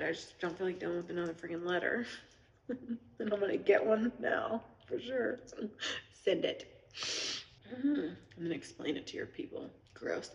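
A woman's voice: mid-range voice, big-room sound, lo-fi sound. A woman talking tearfully in a rambling, earnest, preachy live video as an online seller. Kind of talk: emotional livestream monologue. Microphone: phone.

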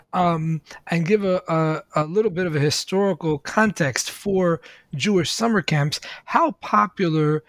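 A male interviewer asking questions haltingly, stopping and restarting as he goes. His voice sits a little higher than most men's, and the sound is dry and close. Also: no room sound. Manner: halting, many fillers and restarts.

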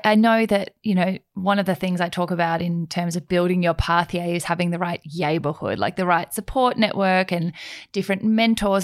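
A woman hosting an interview, chatty and enthusiastic, asking questions with plenty of "like" and "you know". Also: medium pitch. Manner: bubbly, enthusiastic, says "like" often. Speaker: interview host. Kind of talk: casual interview chat.

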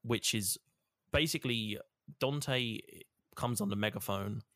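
Lowish guy rambling thru a game story, cusses a lot, dry close mic. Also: a little slow, pushed and bright, no room sound. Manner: rambling storyteller, swears freely, acts out the characters. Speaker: podcast co-host recapping a game. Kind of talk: casual chat.

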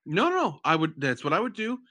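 A man co-hosting a casual gaming podcast, telling stories with squeaky impressions and laughing. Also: wildly swooping pitch, brisk, sharp tone. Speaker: podcast co-host. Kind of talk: casual chat.

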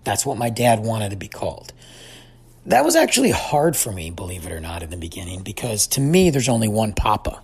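A man's voice: lowish voice, very animated, a little fast, a little mellow, husky. A man in his forties telling a heartfelt story about his family in a thoughtful personal monologue. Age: 40s.

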